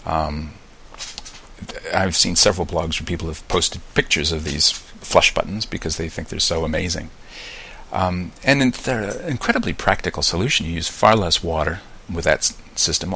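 Podcast host, American man with a touch of Kiwi in his accent, very low and gravelly, bright edge, faint room hiss behind. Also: normal speed. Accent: American with slight New Zealand mix. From United States. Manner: rambling, chatty, frequent ums and restarts. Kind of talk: casual podcast monologue.

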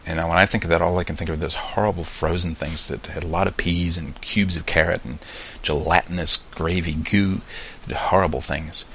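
Podcast host, American man with a touch of Kiwi in his accent, very low and gravelly, bright edge, faint room hiss behind. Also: steady tone, brisk. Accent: American with slight New Zealand mix. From United States. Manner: rambling, chatty, frequent ums and restarts. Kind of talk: casual podcast monologue.

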